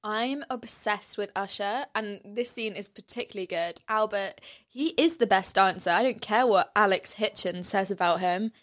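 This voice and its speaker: A woman's voice: mid-range voice, moderate pace, few pauses, a bit bright, no room sound, clean studio sound. A woman co-hosting a casual podcast chat about a film, giggly and playful, laughing often. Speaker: podcast co-host.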